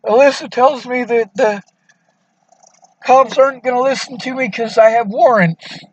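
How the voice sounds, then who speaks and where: A distressed man with a very high voice pours out his grievances, pleading and bitter, close to tears. The recording is muffled and lo-fi. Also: moderate pace. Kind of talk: emotional phone call.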